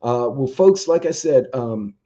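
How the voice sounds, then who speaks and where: A man's voice: medium pitch, lively intonation, unhurried, dark tone. A man hosting a casual live stream, chatting loosely with viewers and reading their comments, rambling with lots of ums. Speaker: livestream host. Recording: dull lo-fi stream audio.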